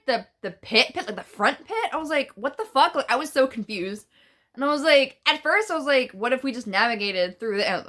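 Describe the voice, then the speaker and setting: A woman telling a casual storytime to camera, chatty and profane, full of fillers and animated retellings of what she said. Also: high voice. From New York. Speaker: vlogger.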